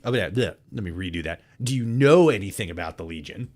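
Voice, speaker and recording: A man's voice: deep voice, lively intonation, fast, a little mellow. A young man casually commenting while playing a game, swearing freely, laughing often and thinking aloud.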